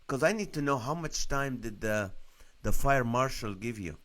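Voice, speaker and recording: A man's voice: mid-range voice, expressive, normal speed, fairly bright tone. Joking man chatting on a live stream. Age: middle-aged. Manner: rambling, joking, laughs often. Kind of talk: casual comedic storytelling to live viewers. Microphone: phone or webcam on a live stream.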